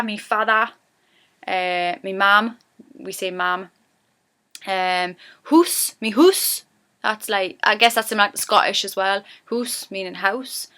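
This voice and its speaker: A woman's voice: medium pitch, clean tone. A woman with a Geordie accent from Newcastle, giving a casual, chatty spoken lesson on local words and phrases. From Newcastle, England. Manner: chatty, animated when voicing example phrases. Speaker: YouTuber teaching dialect.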